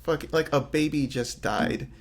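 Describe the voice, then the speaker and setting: A man co-hosting a podcast, chatting in an animated, loose way with lots of fillers. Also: on the high side, moderate pace. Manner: animated, many fillers, acts out quotes. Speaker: podcast co-host. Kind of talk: casual chat.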